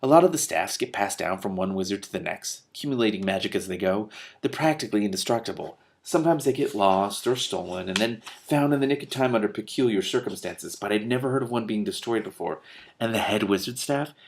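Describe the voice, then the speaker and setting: A man reading a storybook aloud in a casual, conversational way. His voice is low with a gravelly fry at the ends of phrases, and he drops in quick amused asides. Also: lively intonation. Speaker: reader of a book with commentary. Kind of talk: casual read-aloud narration.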